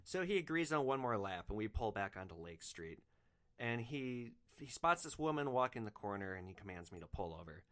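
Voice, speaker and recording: A man hosting a podcast, telling a rideshare story in a wry, animated way. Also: lowish voice, fairly quick. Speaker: podcast host, rideshare driver. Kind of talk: storytelling monologue.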